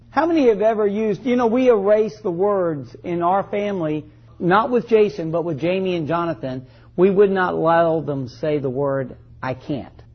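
A man's voice: high voice, husky, muffled recording. A pastor preaching a sermon to his congregation, reading scripture and calling for responses from the listeners. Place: church service.

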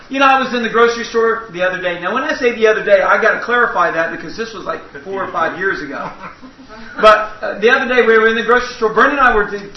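A man's voice: sits high, slight background noise. A middle-aged man preaching a sermon, telling folksy stories and asking the congregation questions. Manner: folksy storytelling with audience asides. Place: church sanctuary. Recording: roomy, distant, muffled church recording.

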